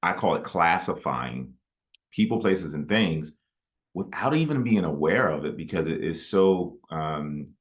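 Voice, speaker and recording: A man's voice: low voice, animated, unhurried. A man, a guest author in a webinar interview, explaining his ideas with stories and asides.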